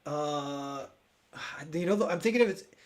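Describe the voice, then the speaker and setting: Casual man streamer, higher pitched, rambling with many fillers. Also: lively intonation, unhurried. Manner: rambling, searching for words, lots of fillers; voices quoted characters loudly. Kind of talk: casual chat.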